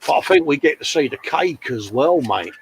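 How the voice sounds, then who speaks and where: A man's voice: fairly high pitch, animated, moderate pace, noisy background. A man, hosting a casual model-building live show in a chatty, jokey way, often calling people mate. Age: 40s. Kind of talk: casual chat. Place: hobby workbench.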